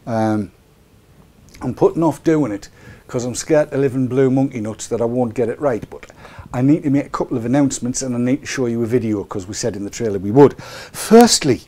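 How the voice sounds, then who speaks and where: A man's voice: medium pitch, fairly quick, dark tone. A middle-aged man hosting a casual live webcast, joking and rambling with chuckling asides. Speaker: show host.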